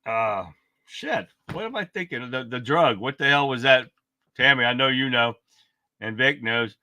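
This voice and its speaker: A man's voice: mid-range voice, expressive, a little slow, bright, forceful tone, no room sound. A man hosting a casual political livestream, fired up and rambling, swearing freely as he talks. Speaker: livestream host.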